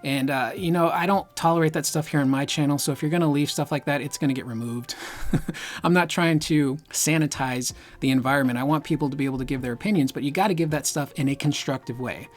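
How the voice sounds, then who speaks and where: A man hosting his own channel, giving animated casual commentary as he reads through an article and talks with his hands. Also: on the high side, quick pace. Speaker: gaming news YouTuber. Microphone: close desk microphone. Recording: home mic with faint lo-fi music bed. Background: faint lo-fi hip hop music.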